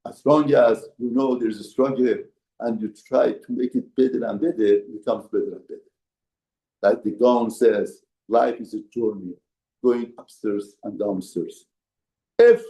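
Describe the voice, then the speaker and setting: A man's voice: normal speed, creaky, dark tone. A man, a rabbi, giving an emphatic mussar lesson in a study hall. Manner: emphatic, acts out quoted voices with raised pitch. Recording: echoey room.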